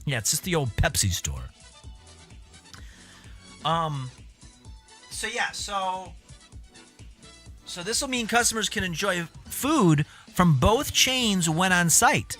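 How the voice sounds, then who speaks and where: A man's voice: high-pitched, big pitch swings, slow pace, long pauses, sharp tone, faint music behind. A young man streaming casually, reading a news article aloud with rambling, jokey asides.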